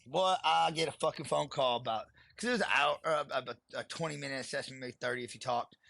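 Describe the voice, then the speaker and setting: A man with a gravelly voice talks candidly and with plenty of swearing, as a guest on an interview show. His tone is forceful and edgy. The recording is close and dry, with no room sound. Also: medium pitch, quick pace, no echo. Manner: blunt and heavily profane, laughs while telling stories. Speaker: podcast guest, retired Marine sergeant.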